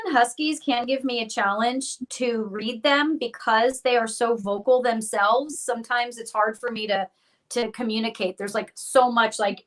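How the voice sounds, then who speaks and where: Psychic medium host, woman, higher-pitched, chatty and playful on a live stream. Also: a bit bright, poor audio. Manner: chatty, playful, self-deprecating.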